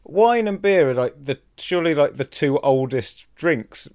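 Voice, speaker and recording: A man's voice: fairly high pitch, animated, measured pace, darkish tone, no echo, clean studio sound. A man chatting casually as a podcast co-host, with rambling, self-deprecating humor. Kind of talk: casual chat.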